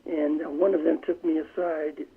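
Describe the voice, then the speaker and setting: An older man tells a story over a tinny phone line, his voice high for a man and rough with gravel. He talks in a measured way and often restarts his sentences as he goes. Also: level tone. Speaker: phone-in guest. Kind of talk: recounting a war memory in an interview. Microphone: telephone.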